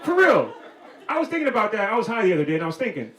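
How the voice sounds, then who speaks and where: A man with a high voice works a comedy club stage in easy, slangy stand-up talk, often chuckling through his lines. The room rings around him, and loud crowd laughter rolls behind his voice. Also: huge pitch swings, very fast, reverberant, background noise. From Maryland, United States. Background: audience laughter.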